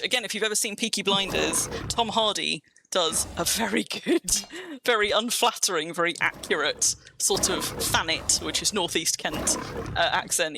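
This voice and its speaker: A woman's voice: fairly low pitch, vocal fry, noisy background. A woman from England with a near-standard accent and a slight Kentish twang, chatting casually through a live-streamed game in a rambling, self-mocking way. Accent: near-standard English with slight Kentish twang. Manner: chatty, rambling, quick to laugh at herself.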